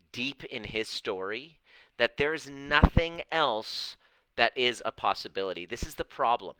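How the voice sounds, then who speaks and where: A middle-aged man talking straight to viewers as a coach, animated and emphatic. He slows down on key words to drive them home. His voice is bright and forceful, recorded close and dry. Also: medium pitch, clear, resonant tone, no room sound, low-quality recording. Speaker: personal growth coach. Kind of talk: direct-to-camera coaching talk.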